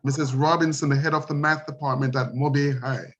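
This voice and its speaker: A man's voice: mid-range voice, steady tone, a little fast, a bit bright, highs cut off. A man in his sixties with a Jamaican accent, hosting an interview in an encouraging, preacherly way. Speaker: host. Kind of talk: interview talk.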